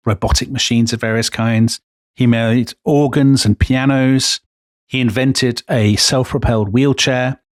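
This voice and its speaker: Mid-range in pitch, this Englishman is recorded in clean studio sound with no room sound. Co-hosting a history podcast, he tells stories enthusiastically in a casual chat, full of asides.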